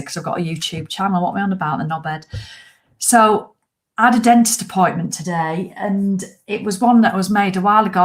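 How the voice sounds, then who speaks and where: A woman in her fifties chatting live to viewers, rambling, self-mocking and swearing for comic effect. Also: on the low side. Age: 50s. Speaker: livestream host. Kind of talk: casual live chat to viewers.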